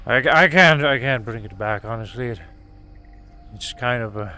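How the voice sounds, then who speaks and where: A man's voice: mid-range voice, moderate pace, sharp tone, faint music behind. A man playing a chatty role-play craftsman with a put-on British accent, musing in a meandering, hesitant way full of fillers. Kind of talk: live-streamed role-play.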